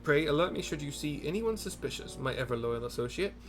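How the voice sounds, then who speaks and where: A man's voice: fairly high pitch, expressive, a little fast, music in the background. A man voicing a grandiose, self-assured inspector who speaks in florid, old-fashioned formal phrases.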